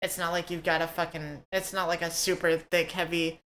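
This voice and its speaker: Woman podcast host, loose and profane, lots of restarts, a bit low-pitched. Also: level tone, brisk, fairly bright tone. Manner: rambling, swears freely, many restarts. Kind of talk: casual podcast chat.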